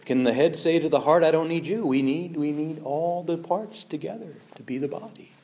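A man giving a Catholic parish talk, animated and humorous, firing rhetorical questions at the audience and acting out the objections people raise. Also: a little high, moderate pace, gravelly. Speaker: Catholic speaker.

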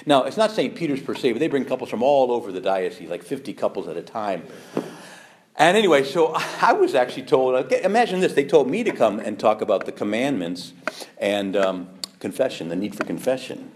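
A man, a priest, teaching fellow preachers in a lively storytelling way, acting out quoted voices and laughing along. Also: medium pitch, fairly quick, noisy background. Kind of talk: teaching talk to clergy with anecdotes.

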